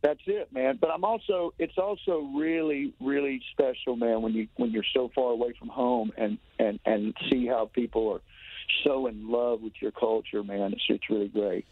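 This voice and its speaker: A Southern man talks eagerly down a tinny phone line, circling back over his words and tumbling into restarts. His voice sits at a middle pitch, and the call sounds dry and boxy, with no room around it. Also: moderate pace, vocal fry, no room sound. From Tennessee. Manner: rambling, enthusiastic, many restarts and fillers. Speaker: touring musician guest calling in. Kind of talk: casual phone interview. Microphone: telephone.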